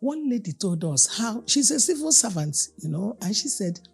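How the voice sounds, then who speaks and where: This woman pastor has a creaky, slightly rough mid-range voice and speaks at a normal speed, with soft music behind her. Her storytelling sermon is full of everyday stories, told animatedly as she acts out the people involved.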